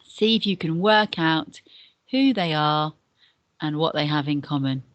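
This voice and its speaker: A woman's voice: sits low, lively intonation, unhurried, dry recording. A woman teacher giving a recorded beginner language lesson, explaining patiently and step by step, often repeating words to pupils. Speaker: deputy head and Spanish teacher.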